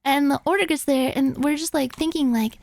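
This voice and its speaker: Young woman, high-pitched, vocal fry, streamer storytelling, casual, sweary, acts out quotes, close dry mic. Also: fairly quick, dry recording. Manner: animated, filler-heavy, swearing, acts out quotes.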